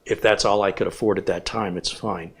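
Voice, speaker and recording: A man's voice: deep voice, steady tone, brisk, creaky, breathy edge. A man hosting a hands-on computer build tutorial, explaining each step plainly and giving firm opinions. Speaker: computer technician host.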